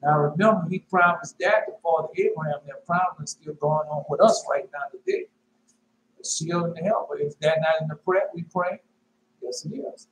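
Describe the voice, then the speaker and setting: A man preaching in a loose, conversational style, with rhetorical questions and repeated lines. His voice sits fairly high and leaps sharply on emphatic words. The room echoes around him over a faint hum. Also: normal speed. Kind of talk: informal sermon with scripture reading.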